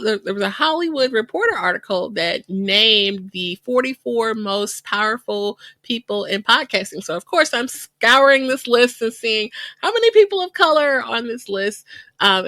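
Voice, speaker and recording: A woman co-hosting a podcast in casual chat, talkative and quick to laugh. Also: fairly high pitch, bright, forceful tone, no room sound. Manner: chatty, laughs often, quick asides. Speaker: podcast co-host.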